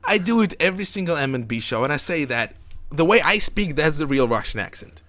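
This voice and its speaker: A man's voice: on the high side, big pitch swings, a little fast, fairly bright tone. A man from Europe co-hosting a live gaming show, rambling and joking in casual banter full of fillers and restarts.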